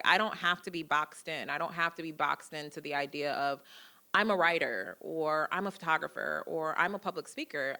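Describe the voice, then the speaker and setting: A woman in her thirties speaks to a lecture audience in a lower register with a bright, forceful edge. She tells personal stories in a lively way and acts out the dialogue in them. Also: clean tone. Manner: lively storytelling, acting out quoted dialogue. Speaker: guest lecturer. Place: lecture hall.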